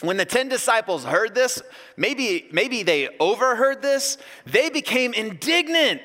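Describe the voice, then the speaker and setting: Male pastor, sermon, bright high voice, jokey and animated, in a reverberant church hall. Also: a little slow. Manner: animated, joking storyteller.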